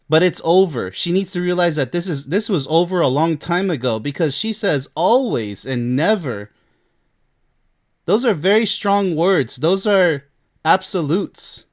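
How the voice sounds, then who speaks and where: A relationship coach with a slightly raised pitch for a man talks through a reader's letter. He is emphatic and keeps asking rhetorical questions. Now and then he gives a disbelieving laugh. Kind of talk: advice commentary on a reader's letter.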